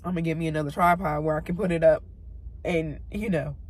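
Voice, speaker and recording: A woman talking to camera in her parked car, tearful and heartfelt, swinging between loud exclaiming and soft, near-whispered words. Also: sits low, steady tone, fast talker, breathy edge. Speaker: vlogger. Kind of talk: emotional faith vlog, talking to camera.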